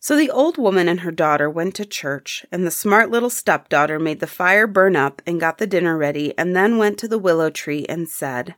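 A woman reading an old folk tale aloud in an even, measured storytelling manner. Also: fairly low pitch, no echo, clean studio sound.

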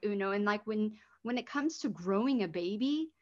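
A woman's voice: medium pitch, expressive, normal speed, a little mellow, lo-fi sound. A woman hosting a casual chat, speaking in a blunt, emphatic and encouraging way.

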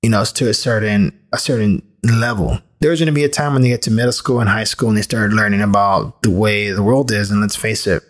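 A man's voice: lowish voice, steady tone, brisk, hardly any pauses. A man in his thirties, from the United States, giving a candid, rambling personal monologue as a podcast host, with frequent restarts.

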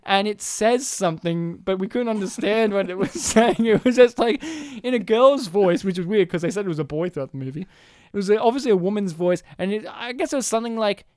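A man, casually recapping a film on a podcast, animated and swearing often. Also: high-pitched, fairly quick, clear, resonant tone, dry recording, studio quality. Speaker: podcast co-host. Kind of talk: casual movie recap chat.

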